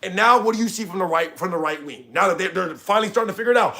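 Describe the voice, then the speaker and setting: A man's voice: high voice, rapid-fire, vocal fry, hardly any pauses, pushed and bright. Fired-up man ranting to his chat. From United States. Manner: passionate, ranting, addresses chat directly. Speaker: livestream host. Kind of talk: heated livestream commentary.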